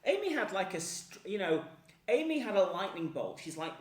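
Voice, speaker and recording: An enthusiastic Northern English man chats to camera about food in a casual vlog. His voice bounces around with lively ups and downs. He stands back from the mic in an echoey room. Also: high voice, moderate pace, far from the mic. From England. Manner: chatty, enthusiastic, expressive. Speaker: food vlogger.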